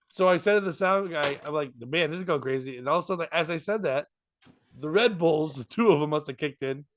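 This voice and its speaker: A man's voice: fairly high pitch, creaky, fairly bright tone. A man hosting a podcast who tells a story casually, laughs through it, acts out other people's lines and swears freely. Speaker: comedian and podcast host.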